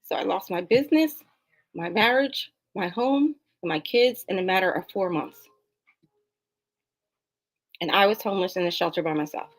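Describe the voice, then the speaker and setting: A middle-aged woman from New Jersey, a talk show guest, telling her personal story in an animated, emphatic way. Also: mid-range voice, moderate pace, pauses often, low-quality recording. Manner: animated, emphatic, acts out dialogue. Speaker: interview guest.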